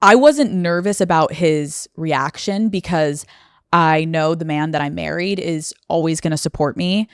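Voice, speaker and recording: A woman's voice: deep voice, unhurried, smooth, dry recording. An American woman in her thirties, a podcast host, speaking candidly and emotionally with many fillers, close to tears. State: near tears. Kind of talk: personal monologue.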